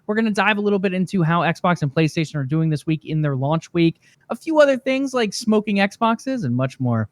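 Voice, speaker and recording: A man's voice: high voice, animated, a little fast, dry recording. A man co-hosting a gaming podcast in an easygoing, chatty way, laughing at his own jokes. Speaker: podcast co-host. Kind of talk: casual gaming podcast chat.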